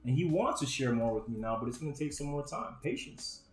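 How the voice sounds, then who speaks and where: A man's voice: mid-range voice, big pitch swings, brisk, hardly any pauses, roomy sound, soft background music. A man, a guest and father, talking earnestly and emphatically in casual chat, often calling the others bro and man.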